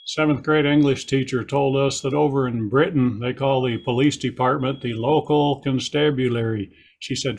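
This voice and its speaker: A man's voice: medium pitch, steady tone, moderate pace, vocal fry, few pauses. An older man doing a dry, self-deprecating stand-up set over a video call. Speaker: stand-up comedian.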